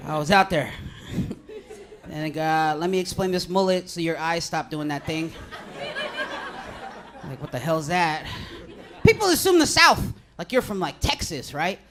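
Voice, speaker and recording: A man's voice: fairly high pitch, expressive, unhurried, pauses often, a bit bright. A young man from Stockton, California, performing a self-deprecating stand-up comedy set on stage. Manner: self-deprecating, conversational punchlines. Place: comedy club stage with audience.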